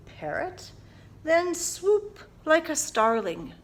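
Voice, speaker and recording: A woman's voice: high voice, lively intonation, takes it slowly, a bit bright. A woman librarian hosting a family storytime, reading a picture book and leading children in playful actions and bird sounds.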